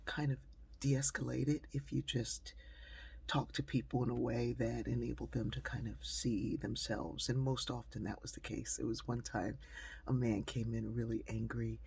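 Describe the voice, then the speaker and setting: A woman tells a personal story in a relaxed, conversational way, pausing on fillers as she goes. Her voice is husky and gravelly, with plenty of fry. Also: extremely low pitch. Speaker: speaker telling a personal story. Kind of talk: storytelling monologue.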